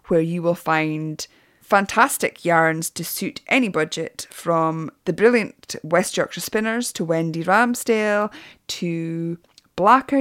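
A woman's voice: sits low, gravelly, no echo, clean studio sound. A woman hosting a podcast, talking in a chatty way with little laughs and fillers. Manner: warm chatty, laughs often, small fillers. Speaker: podcast host. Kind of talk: casual podcast monologue.

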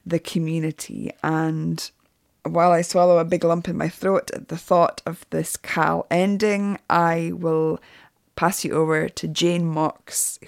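A woman's voice: low voice, gravelly, no echo, studio quality. A woman hosting a podcast, talking in a chatty way with little laughs and fillers. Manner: warm chatty, laughs often, small fillers. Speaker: podcast host. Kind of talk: casual podcast monologue.

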